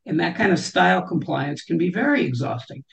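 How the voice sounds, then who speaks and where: A woman's voice: on the low side, animated, fairly quick, gravelly, muffled recording. A woman guest in a conversational interview, talking thoughtfully and often saying "you know".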